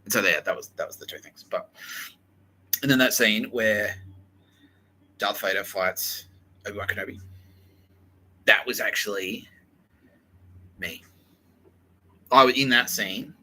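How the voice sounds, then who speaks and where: A man's voice: lowish voice, measured pace, long pauses, sharp tone, poor audio. A man hosting a podcast in a profane, rambling monologue, laughing and acting out quotes. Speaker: podcast host.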